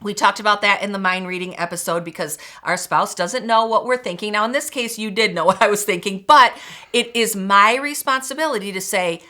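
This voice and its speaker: A woman co-hosting a podcast in casual chat, talking in an animated, expressive way. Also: medium pitch, brisk. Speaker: podcast co-host.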